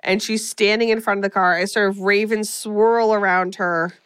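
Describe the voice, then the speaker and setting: A woman's voice: mid-range voice, moderate pace, clear, resonant tone, no room sound. Woman retelling a scary movie, gets into the voices, dry close sound. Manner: animated storyteller, acts out quotes. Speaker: podcast co-host. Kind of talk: casual movie recap chat.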